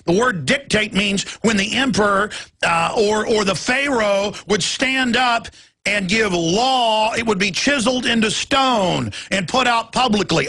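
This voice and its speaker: Brief: male political talk host, gravelly and sharp-toned, ranting and repeating himself. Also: sits high, animated, a little slow. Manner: heated, repetitive, ranting, at times yelling. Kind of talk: political talk show rant.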